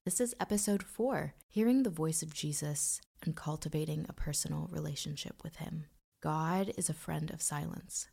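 A woman with a deep, low-set voice hosts a faith podcast. She teaches in an earnest, gentle, unhurried manner and leans softly on key words. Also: vocal fry. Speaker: podcast host.

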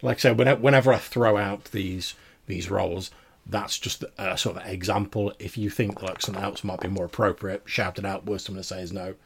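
A man's voice: sits low, fairly even intonation, a little fast, gravelly, a little hiss or hum. A man narrating as game master of a tabletop role-playing game, rambling with lots of fillers.

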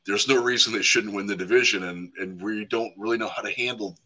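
Husky-voiced man, chatty football guest. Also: lowish voice, fairly even intonation, fairly quick, sharp tone, rough recording. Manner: chatty, frequent 'like' and restarts. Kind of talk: casual podcast chat.

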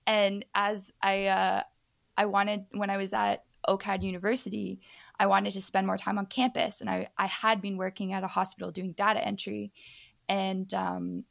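Woman, podcast guest, chatty storyteller, gravelly fry, dry close sound. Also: mid-range voice, flat delivery, moderate pace, fairly bright tone, no echo. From Ontario, Canada. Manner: chatty, heavy use of "like", acts out quoted voices. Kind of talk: casual storytelling.

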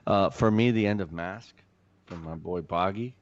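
A man's voice: sits low, normal speed, no room sound, highs cut off. A man, a filmmaker guest on a podcast, talking with enthusiastic, profane, gushing energy. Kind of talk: casual film chat.

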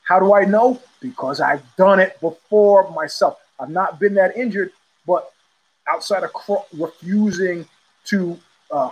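A man's voice: high voice, breathy edge, poor audio. A man hosting his own show, talking in a blunt, sardonic, rambling way, with frequent restarts. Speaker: host. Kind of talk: casual solo commentary.

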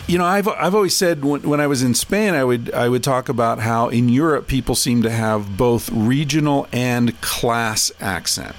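A man's voice: mid-range voice, moderate pace, few pauses. A man hosting a podcast conversation, casual and thinking aloud with plenty of fillers. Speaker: podcast host.

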